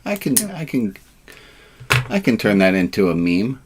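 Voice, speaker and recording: A man leading a relaxed, informal service, joking and self-deprecating, with sarcastic asides. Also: fairly low pitch, measured pace.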